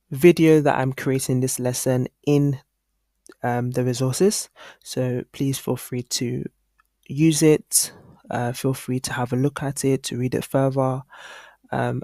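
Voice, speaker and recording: Guiding viewers through software on screen, this online instructor speaks casually in a medium pitch, frequently pausing on "um" and starting over. The sound is clean studio audio with no room sound.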